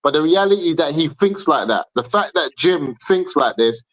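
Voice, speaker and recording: A man's voice: a little high, expressive, moderate pace, a bit bright, rough recording. Emphatic man arguing about football. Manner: emphatic, repeats his points. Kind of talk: heated football debate.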